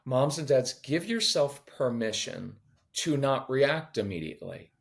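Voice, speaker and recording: Man, podcast guest, animated, lively delivery, conversational teaching. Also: mid-range voice, a little slow, vocal fry. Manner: animated, acts out quoted voices, jokes.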